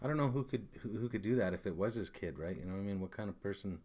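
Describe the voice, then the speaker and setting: Man, casual co-host, jokey, animated, bouncy intonation. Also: fairly low pitch, racing. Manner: jokey, animated, trails off and restarts. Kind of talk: casual chat.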